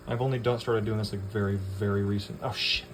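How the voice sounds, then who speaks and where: A man's voice: fairly low pitch, fairly even intonation, fairly quick, slight background noise. A man casually vlogging at home by his aquariums, rambling, swearing offhandedly and talking to his fish. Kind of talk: casual vlog chat.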